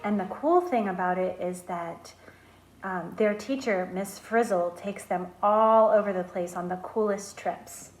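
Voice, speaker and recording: A woman speech therapist reading picture books aloud to children, slow, clear and expressive. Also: medium pitch. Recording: roomy echo.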